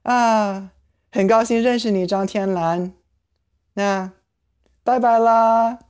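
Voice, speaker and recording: The host voicing a cute, cheerful, polite stuffed bunny in a puppet skit, with a high, squeaky, cartoonish voice. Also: steady tone, takes it slowly, a little mellow, clean tone, natural voice.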